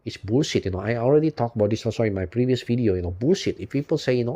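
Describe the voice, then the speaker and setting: A man talking in an unscripted monologue for his channel, rambling and weary, filling every pause with "you know" and swearing often. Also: mid-range voice, lively intonation, mellow. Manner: weary, despondent and emotional. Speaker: YouTube channel host.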